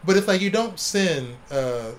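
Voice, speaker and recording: A man from Ohio in his forties, a comic artist telling stories in a casual interview, animated and swearing freely. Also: sits high, measured pace, slight background noise. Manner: animated, swears, acts out quotes.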